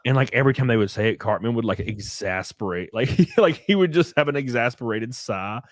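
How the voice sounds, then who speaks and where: On a dry, studio-grade recording, a streamer host with a medium-pitched, expressive voice talks a little fast. In casual podcast-style chat, he rambles through a recap of a TV episode, leaning heavily on fillers like "like" and "um."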